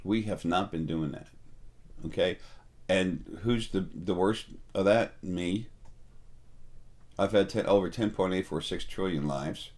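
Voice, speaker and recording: A man's voice: low voice, unhurried, pauses often, darkish tone. A middle-aged man giving a casual, rambling spiritual talk, full of fillers and restarts. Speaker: spiritual teacher.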